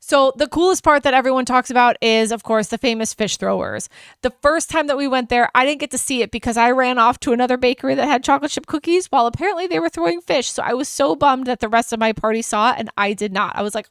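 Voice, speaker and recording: A woman's voice: sits high, quick pace, a bit bright, clear, resonant tone, dry recording, studio quality. Chatty enthusiastic woman travel vlogger. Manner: chatty, enthusiastic, rambling with restarts. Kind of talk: casual travel chat.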